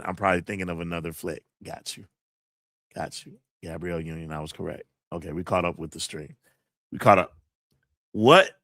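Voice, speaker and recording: A man hosting a casual livestream, excitable, repeating phrases and talking to his chat. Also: fairly low pitch, dry recording, clean studio sound. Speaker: livestream host.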